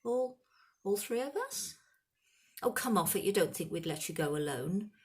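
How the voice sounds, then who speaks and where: A woman's voice: medium pitch, animated, moderate pace, darkish tone, husky, pitched above the performer's own voice. A woman voicing a cheeky eleven-year-old boy in a storybook reading, speaking in a teasing way.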